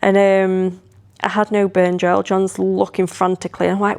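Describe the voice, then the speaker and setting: A woman's voice: medium pitch, flat delivery, a little slow, darkish tone, smooth. A woman, chatting casually and rambling animatedly as she talks to her vlog audience. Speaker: vlogger.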